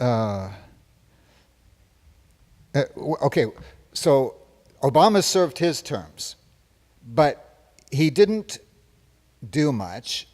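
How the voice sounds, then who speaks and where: A man's voice: fairly high pitch, a little mellow. A man playing a boastful, rambling hippie president in a live one-man stage parody, taking questions from the audience. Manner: boastful, rambling, self-praising. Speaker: stage performer in a one-man comedy show. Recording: long reverb from a live stage.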